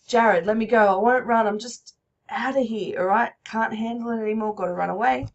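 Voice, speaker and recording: A woman's voice: fairly high pitch, measured pace, a little mellow, muffled recording. A woman reading the lines of a panicky young man who begs his mate in short, repetitive phrases. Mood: pleading.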